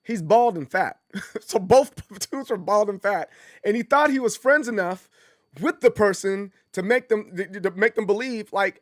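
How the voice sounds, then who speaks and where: A man chatting casually on his livestream, rambling with frequent restarts and jumping into high mock voices as he tells stories. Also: big pitch swings, moderate pace, dry recording, studio quality. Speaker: streamer.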